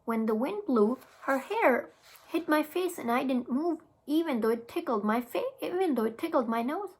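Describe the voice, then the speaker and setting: Woman teacher, read-aloud narrator, high breathy voice, expressive. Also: normal speed, poor audio. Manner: expressive storytelling with small restarts. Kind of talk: children's book read-aloud.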